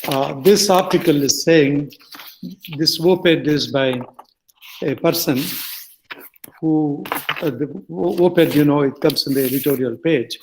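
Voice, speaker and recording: An older man with an Indian English accent speaks slowly in a lecture-style talk, his voice sitting fairly high for a man. He pauses often, fills gaps with "uh" and "um", and restarts and corrects his phrases as he goes. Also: a little mellow, slight background noise, rough recording. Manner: halting, with many fillers and self-corrections. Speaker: guest speaker.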